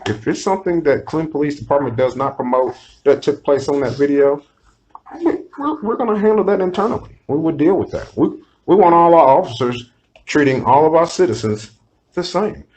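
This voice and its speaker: A man's voice: on the high side, very animated, brisk, darkish tone, muffled recording, slight background noise. A male police officer speaking reassuringly and often restarting his words. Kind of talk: recorded conversation.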